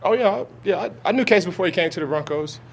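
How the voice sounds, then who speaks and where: This young football player sounds high-pitched and animated as he answers reporters at outdoor training camp. His replies are halting, peppered with fillers and restarts, over slight background noise.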